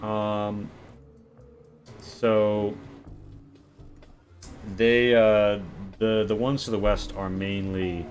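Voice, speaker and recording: Low-voiced game master, crude, vivid narration, faint music behind. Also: male voice, flat delivery, extremely slow, long pauses.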